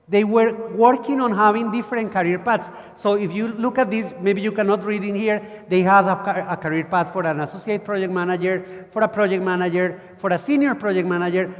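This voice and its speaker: A man speaks from the stage of a large conference hall, his fairly high voice trailing off into long reverb. He tells stories in an animated way, slipping into quoted voices and throwing asides to the audience. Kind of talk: conference keynote talk.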